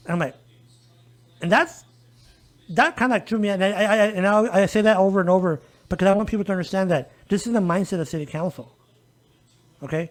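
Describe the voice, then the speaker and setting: A man's voice: sits high, fairly quick. A man who advocates for disability rights, talking casually on a podcast and acting out the people he quotes as he tells what happened. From El Paso, Texas. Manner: animated storytelling, acts out quoted dialogue.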